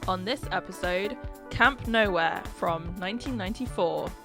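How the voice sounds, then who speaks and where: A British woman co-hosting a podcast in casual chat, wry and quick to laugh. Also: mid-range voice, gravelly, music in the background. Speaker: podcast co-host.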